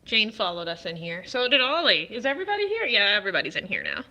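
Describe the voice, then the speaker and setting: A woman filming her foster cats at home and in the yard, chatting to them in cooing baby talk and to her viewers in a relaxed way. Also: mid-range voice, quick pace. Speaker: cat foster streamer. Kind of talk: casual talk to pets on camera. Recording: faint wind and outdoor noise.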